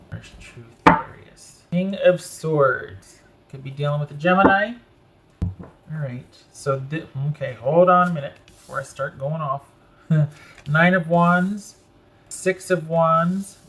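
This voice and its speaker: A man's voice: fairly high pitch, a bit bright, slight background noise. A man giving a casual tarot reading, thinking aloud as he turns cards and correcting himself as he goes. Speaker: tarot reader.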